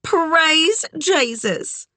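A woman voicing a brash, bubbly young woman who talks loud, high and gushing. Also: expressive, extremely slow, no room sound, exaggerated voice.

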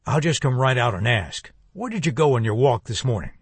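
A man's voice: mid-range voice, animated, brisk, breathy edge, no echo. A male narrator voicing an aging, kindly man weighed down by bad news. He asks and tells things plainly and earnestly in a dry, close read. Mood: troubled earnest. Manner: earnest, direct. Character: aging man, gentle but troubled friend.

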